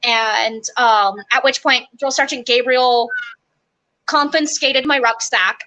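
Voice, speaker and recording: High, bright-voiced young woman. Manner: animated, quick storytelling with acted-out quotes. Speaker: interview guest, army basic training graduate. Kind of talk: casual interview storytelling.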